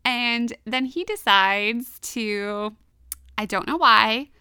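A woman's voice: a little high, vocal fry, smooth, dry recording, studio quality. A woman co-hosting a podcast, casually retelling an anime episode with lots of laughs and quoted lines. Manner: giggly, animated retelling with quoted voices. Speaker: podcast co-host.

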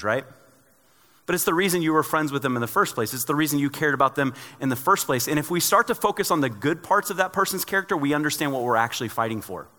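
A male pastor delivers a sermon in a bright, forceful voice. He preaches conversationally and drops in joking stories from his own life. His voice rings with the long reverb of a large church sanctuary. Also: fairly high pitch.

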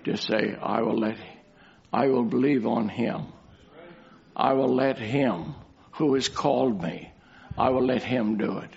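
A man's voice: medium pitch, measured pace, gravelly, a little mellow. A man preaching a sermon, asking rhetorical questions and repeating key lines for emphasis. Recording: dull lo-fi recording.

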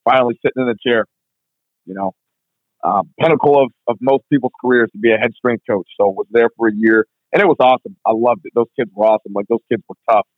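A strength coach being interviewed, telling stories in a fast, casual way full of "like". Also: male voice, mid-range voice, dry recording. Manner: fast, filler-heavy, constant "like". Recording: tinny phone-like line, dry.

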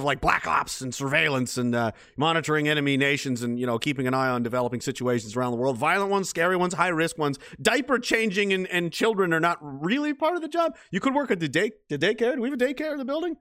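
High-voiced man in a mocking rant. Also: a bit bright. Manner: profane, mocking rant in a mock spy-boss persona; rambling with frequent restarts and fillers. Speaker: commentator. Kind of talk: sarcastic reaction commentary.

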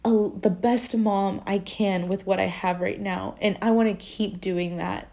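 A woman's voice: medium pitch, fairly even intonation, unhurried, gravelly, few pauses, dark tone. A woman hosting a casual faith-based podcast, talking earnestly in a chatty way full of fillers like "like" and "um". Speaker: podcast host and life coach.

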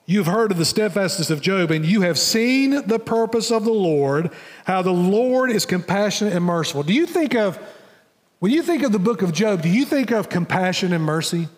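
A male pastor preaching a sermon, dropping to soft, low phrases and then rising loud and emphatic. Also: animated, normal speed. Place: church sanctuary. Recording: long hall reverb.

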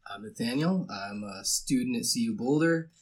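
Guy from the philippines, husky voice, quick low-key intro on a podcast. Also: expressive. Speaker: podcast guest. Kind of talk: casual podcast chat.

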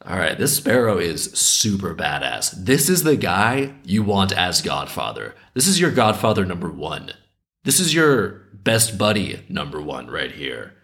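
A male host reading a dark folk tale aloud, breaking in with sarcastic, chuckling commentary. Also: on the low side. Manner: sarcastic asides, frequent chuckles. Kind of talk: story reading with comedic commentary.

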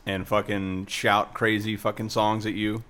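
A lower-pitched man on a casual podcast, telling bar stories bluntly with a lot of swearing. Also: flat delivery, unhurried, fairly bright tone. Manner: blunt, profane storytelling. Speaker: podcast co-host. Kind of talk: casual banter.

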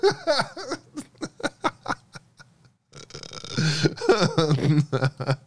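A man's voice: fairly high pitch, huge pitch swings, extremely slow. A man hosting a casual livestream, jokey and sarcastic, laughing often as he talks to his viewers. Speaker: livestream host.

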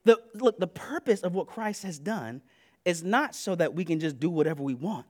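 A man preaching a sermon in an animated, conversational and slangy way, often repeating "listen" to press his points. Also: high voice, normal speed.

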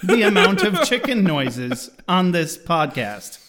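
Lively, high-voiced joking male host. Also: slow pace. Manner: joking, laughs often, reads listener reviews aloud. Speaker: podcast co-host. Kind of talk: casual chat.

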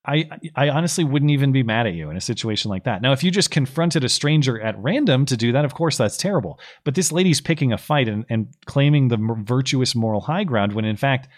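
A man co-hosts a talk show with a sarcastic, argumentative edge. His voice sits at a middle pitch, and he speaks in a relaxed commentary style. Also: fast talker, few pauses. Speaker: podcast co-host. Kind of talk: political commentary chat.

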